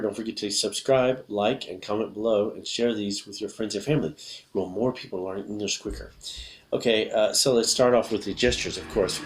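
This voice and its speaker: Gesturing through a video lesson, a man with a lowish voice teaches English vocabulary in an upbeat, repetitive manner. He pronounces every word slowly, several times over.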